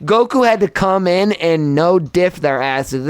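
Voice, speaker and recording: A man's voice: sits high, measured pace, clear, resonant tone, no room sound, clean studio sound. Young man ranting on a podcast. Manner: animated, profane ranting. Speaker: podcast host. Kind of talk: casual chat.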